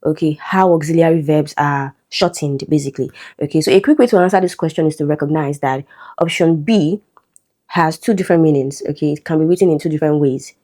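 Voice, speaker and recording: Woman tutor going over exam answers, lowish mellow voice, keeps saying okay. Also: a little fast. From Nigeria. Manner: explanatory, checks in with frequent "okay?". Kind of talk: teaching a test-prep lesson.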